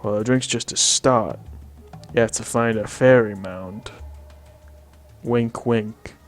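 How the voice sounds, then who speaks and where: A man voicing a boozy male Irish barfly who spins tall tales, in a slow, theatrical put-on Irish brogue. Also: fairly low pitch, faint music behind. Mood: blarney.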